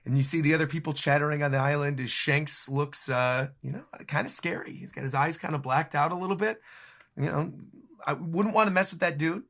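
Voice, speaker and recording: A man's voice: fairly high pitch, normal speed, fairly bright tone. A man co-hosting a podcast, animatedly recapping a comic chapter with laughs. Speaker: podcast co-host. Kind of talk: casual recap chat.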